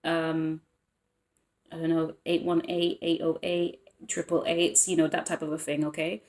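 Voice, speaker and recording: A woman gives a casual tarot reading in a low, level, darkish voice at a slightly slow pace. She rambles, cuts herself off mid-thought, and laughs softly and often, in a recording with roomy echo.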